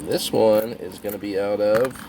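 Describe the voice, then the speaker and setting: A man's voice: lowish voice, steady tone, moderate pace, background noise. A man narrating his coin roll hunt with thrilled exclamations to his viewers. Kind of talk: excited hobby video narration.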